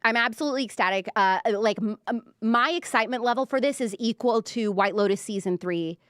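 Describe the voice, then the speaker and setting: A woman's voice: on the high side, brisk, fairly bright tone, smooth, dry recording, studio quality. A young woman hosting a casual pop-culture livestream, chatty and gossipy, full of "like" and reading viewer comments aloud. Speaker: livestream show host.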